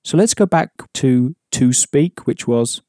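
A man's voice: mid-range voice, lively intonation, unhurried, warm tone, no echo, studio quality. A man teaching an audio language lesson, patiently explaining rules and prompting the listener.

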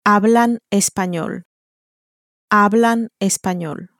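A woman's voice: medium pitch, slow pace, fairly bright tone, dry recording, studio quality. A woman in an audio language lesson, modeling each answer by saying it twice. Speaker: native speaker modeling answers.

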